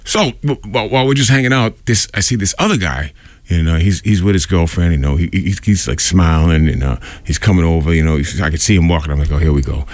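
A man's voice: sits low, quick pace, no echo. A man hosting a radio show, telling a rambling anecdote full of fillers and acting out the voices of the people in it. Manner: rambling, filler-heavy, acts out quoted voices. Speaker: radio host. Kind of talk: casual storytelling on radio.

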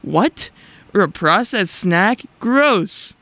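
A man's voice: sits high, a bit bright, dry recording. A young man doing a bouncy announcer voice. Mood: cheery. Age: young adult. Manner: slow, bouncy promo reading. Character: upbeat male public service announcer. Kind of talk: mock public service announcement.

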